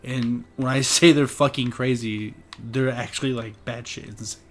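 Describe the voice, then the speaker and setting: A man's voice: medium pitch, steady tone, normal speed. A young man chatting casually as a podcast co-host, joking crudely and laughing often.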